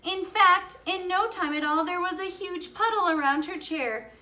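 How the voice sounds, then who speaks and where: A woman reading a children's chapter book aloud to kids, expressive and animated. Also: very high-pitched, normal speed. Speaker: storyteller for children.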